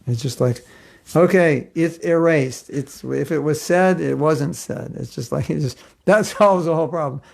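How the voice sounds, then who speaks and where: Gravelly-voiced man telling devotional stories. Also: a little high, moderate pace, darkish tone. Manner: conversational storytelling, chuckling often. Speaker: spiritual teacher. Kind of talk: devotional class lecture.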